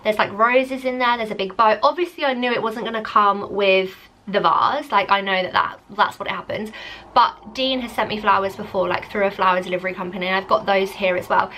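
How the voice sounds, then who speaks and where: A woman's voice: mid-range voice, fairly quick, slight background noise. A young woman, chatting casually as she tells a story to camera, saying "like" constantly. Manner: chatty, animated, lots of "like". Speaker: vlogger.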